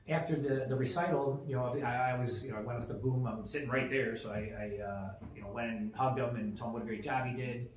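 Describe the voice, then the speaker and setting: A man in his forties co-hosting a podcast, telling a story in casual chat with lots of fillers and restarts. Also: medium pitch. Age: 40s. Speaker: podcast co-host. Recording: roomy echo with faint ambient noise.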